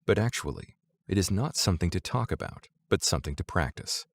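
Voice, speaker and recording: Deep gravelly man reading calmly. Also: a little fast. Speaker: narrator reading Zen teachings. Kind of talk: audiobook-style reading of a spiritual text.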